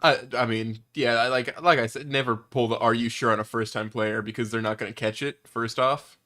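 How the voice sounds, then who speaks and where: A man's voice: medium pitch, steady tone, brisk, sharp tone. A young man chatting casually as a co-host, joking and self-deprecating. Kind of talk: casual chat.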